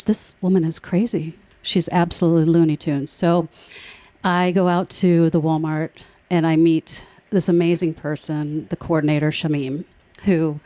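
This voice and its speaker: Low-voiced woman giving an emotional speech. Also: no room sound. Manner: emotional, warm storytelling with laughs. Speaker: nonprofit board treasurer. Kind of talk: speech at a public event.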